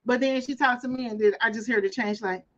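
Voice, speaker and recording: A woman's voice: on the high side, fast, a bit bright, dull audio. A woman hosting a casual craft livestream, chatting and telling stories, sometimes acting out voices. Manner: chatty storyteller, acts out callers' voices. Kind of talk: casual chat.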